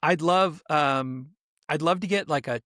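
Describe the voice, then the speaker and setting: A man co-hosts a casual podcast, telling stories in a rambling, animated way full of restarts. His voice sits a bit high. The sound is dry and close. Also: measured pace, no echo. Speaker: podcast co-host. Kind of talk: casual chat.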